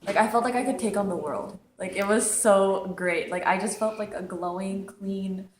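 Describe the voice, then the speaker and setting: A woman's voice: medium pitch, normal speed. Bubbly young woman, lots of likes, echoey room. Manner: bubbly, says "like" a lot. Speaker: student interviewee. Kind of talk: casual interview answers. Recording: roomy echo.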